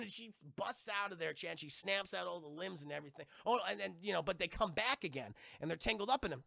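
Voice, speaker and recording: A man's voice: sits high, fairly quick, gravelly, no room sound, clean studio sound. A man streaming a live review of a cartoon episode, retelling scenes with lots of swearing, acting out the characters' lines and talking to his chat. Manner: animated, profane recap that acts out the characters' lines; addresses the stream chat directly.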